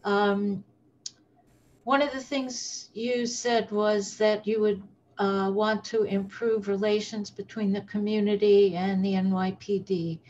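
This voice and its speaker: A woman's voice: medium pitch, little pitch movement, takes it slowly, a little mellow, highs cut off, slight background noise. A woman interviewing a candidate over a video call, courteous and thanking her guest before asking. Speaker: interviewer from a local political club. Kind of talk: polite interview question.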